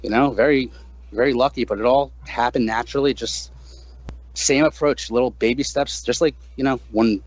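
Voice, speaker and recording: A man in his thirties, a guest musician in a casual podcast interview, talking animatedly, swearing freely and jumping up high when he quotes himself. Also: fairly even intonation, moderate pace, lo-fi sound.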